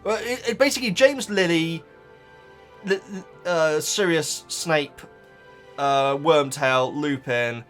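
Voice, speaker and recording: A man's voice: fairly high pitch, slow pace, fairly bright tone, soft background music. A man rambling casually to his viewers about a book, with lots of restarts and asides. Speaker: vlogger reacting to a book.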